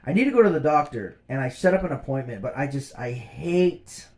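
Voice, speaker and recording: A man's voice: medium pitch, expressive, brisk, a little mellow. A man in his thirties telling a personal story as a vlogger, casual, slangy and exasperated.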